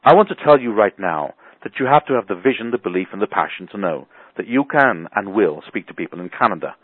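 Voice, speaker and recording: Animated man on a tinny phone line. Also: lowish voice, fast, slightly rough, dry recording. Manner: animated, colorful and blunt. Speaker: business coach. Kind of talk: motivational talk on a phone call. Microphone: telephone.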